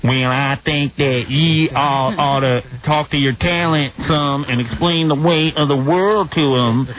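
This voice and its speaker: A man putting on a slow drawling country old-timer. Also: a little high, steady tone, crowd noise, close to an everyday voice. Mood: mocking. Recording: tinny radio broadcast.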